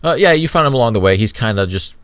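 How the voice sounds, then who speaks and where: A man narrating as game master of a tabletop game in a relaxed, loose way, leaning on filler words. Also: medium pitch, fast, smooth, dry recording.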